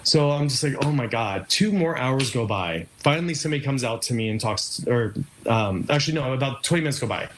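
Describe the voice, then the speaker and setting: A man's voice: medium pitch, expressive, a little fast, fairly bright tone, a little hiss or hum. A man telling a personal story as an interview guest, rambling with many fillers and quoted asides.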